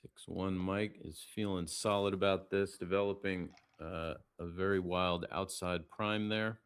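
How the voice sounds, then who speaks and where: A man calling a live board game match in a low, gravelly voice. He keeps it casual and chatty, reading out viewer shout-outs between moves. He stays hushed so the players nearby can't hear him. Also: steady tone, unhurried. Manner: lowers his voice to stay quiet near the players. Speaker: play-by-play commentator. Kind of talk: live backgammon commentary.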